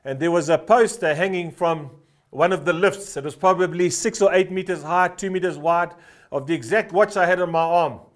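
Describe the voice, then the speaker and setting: A man's voice: high voice, normal speed. A man preaching a sermon, telling stories with many "uh" fillers and hammering a short refrain again and again. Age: 50s. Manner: fervent, repeats a short refrain for emphasis; storytelling with frequent "uh" fillers. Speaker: pastor.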